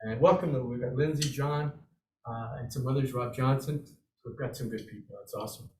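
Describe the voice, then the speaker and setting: An upbeat man teaches snare drumming over a video call, encouraging and vocalizing the rhythms aloud. His mid-pitched voice sounds roomy and a little distant from the mic. Faint drumming sits behind him. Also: normal speed. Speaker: drumming instructor. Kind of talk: online drum lesson.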